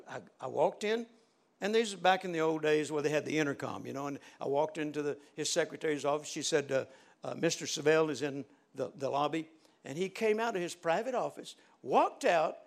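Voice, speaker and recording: An older man preaching a fervent sermon, leading the congregation in prayer and shouting praise. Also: sits high, vocal fry. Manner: fervent, shouting preaching with call-and-response prompts.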